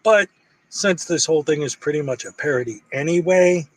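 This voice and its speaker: A man's voice: a little high, normal speed, distant mic, rough recording. Casual self-deprecating man talking to viewers. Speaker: video creator.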